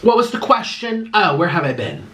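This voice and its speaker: A man's voice: high voice, huge pitch swings, moderate pace, bright, forceful tone. A man vlogger eating on camera and rambling emotionally through fan questions in casual chat.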